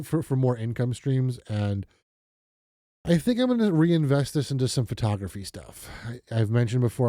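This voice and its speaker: A man walks through his budget on screen in a relaxed, rambling way, dotting his talk with ums and false starts. His voice is very dark and mellow at a medium pitch. The sound is dry and close, with almost no room in it. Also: dry recording. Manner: chatty, self-deprecating, many fillers and restarts. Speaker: budgeting vlogger. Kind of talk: casual screen-share walkthrough.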